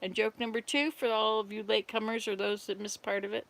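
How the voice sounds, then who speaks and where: A woman's voice: medium pitch, flat delivery, fairly quick, gravelly, fairly bright tone. Chatty older woman telling jokes. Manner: chatty, rambling, tells jokes and talks to viewers. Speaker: volunteer service missionary. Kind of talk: casual livestream chat. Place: RV at a summer camp.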